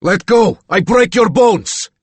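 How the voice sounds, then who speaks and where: A violent young tough with a Slavic accent snarls short, broken threats, as a male audiobook narrator puts him on. The voice sits well above the narrator's own and comes out loud and forceful. It is recorded dry, with no room around it. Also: mid-range voice, big pitch swings, moderate pace, no room sound, voice pushed up. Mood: threatening. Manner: clipped broken English threats. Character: menacing young man alter, violent and blunt.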